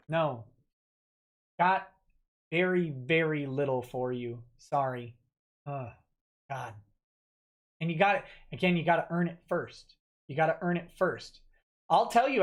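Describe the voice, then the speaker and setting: A man hosting a livestream, reading donor messages aloud and replying off the cuff with many fillers and restarts. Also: a little high. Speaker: livestream host reading donations. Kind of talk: casual livestream chat.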